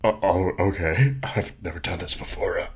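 Lonely old landlord played by a man, deep voice, hesitant, soft-spoken, improv comedy scene. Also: moderate pace, husky. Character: lonely older male landlord with foot warts.

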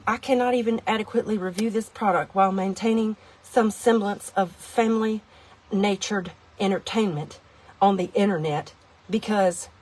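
In a casual review vlog filmed inside her car, a woman with a husky, mid-range voice discusses a kitchen gadget. She rambles and makes self-deprecating jokes to her viewers.

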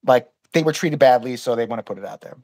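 A woman podcast host telling a long story in casual chat, profane and animated, acting out the people in it. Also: rumbling low, fast, no echo. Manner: animated, profane, acts out voices in her story.

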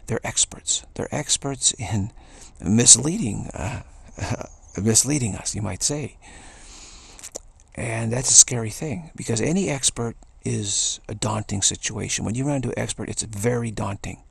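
A man's voice: mid-range voice, moderate pace, gravelly, breathy edge. A man giving an earnest spiritual talk, repeating key phrases and restarting sentences as he goes. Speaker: spiritual speaker.

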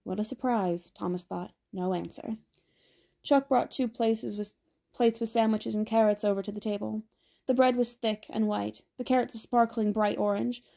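A woman narrating an audiobook in a steady, even storytelling manner. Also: medium pitch, normal speed, creaky.

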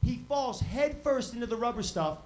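A man doing a stand-up comedy set in a club, animated and swinging between loud and soft. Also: extremely high pitch, normal speed. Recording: noisy live club recording. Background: audience laughter.

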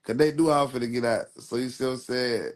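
A man's voice: medium pitch, steady tone, fast talker. Young man rambling in street slang. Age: 20s. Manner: rambling street slang, repeats "real talk". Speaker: rapper. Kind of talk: casual livestream talk.

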